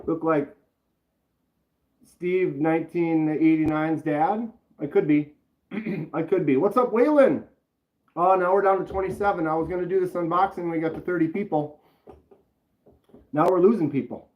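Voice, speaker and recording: This man's voice sits on the high side, moving at a moderate pace with frequent pauses. As a knife channel's live streamer, he chats in a rambling way and welcomes viewers from the chat by name, in a roomy, slightly dull recording.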